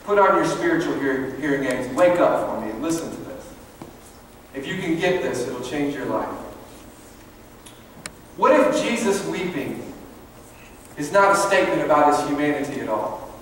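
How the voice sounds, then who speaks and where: A male pastor delivering a sermon in a church, preaching with passion and swinging between soft, low passages and loud, high peaks. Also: animated, moderate pace, pauses often, far from the mic, a little hiss or hum. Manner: impassioned, rising and falling preaching. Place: church sanctuary. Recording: very echoey church hall from afar.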